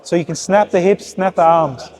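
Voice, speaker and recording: At the heavy bag in a boxing gym, a male coach runs a hands-on session with a young boxer, offering brief, repeated words of encouragement. His voice is high-pitched and a little mellow, at a moderate pace.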